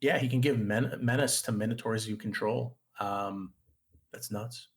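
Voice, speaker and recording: A man's voice: on the low side, a little slow. A man co-hosting a podcast, casually explaining card-game themes with plenty of fillers. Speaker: podcast co-host.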